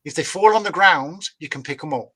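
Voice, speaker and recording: English man, rambling anecdote teller, bright slightly high voice. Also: a little fast, slightly rough. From England. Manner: rambling, laughs at his own story. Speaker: guest storyteller. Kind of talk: casual storytelling on a live call.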